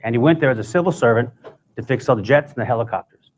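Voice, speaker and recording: A man's voice: medium pitch, expressive, fast talker, slight background noise. Male guest speaker, conversational, comic storytelling. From United States. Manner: conversational, joking asides.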